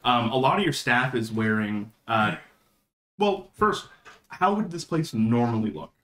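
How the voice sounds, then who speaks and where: A man's voice: mid-range voice, measured pace. A man serving as game master for a tabletop game, laying out scenes in a loose, casual way full of fillers. His voice sits in a middle range, and the recording has a noticeable roomy echo around it. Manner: relaxed, casual, filler-heavy description.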